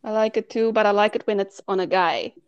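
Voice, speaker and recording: A woman's voice: medium pitch, a little fast, highs cut off, crowd noise. A young adult woman with a South African accent, from Cape Town, chatting casually as a podcast guest and telling stories with easy laughs.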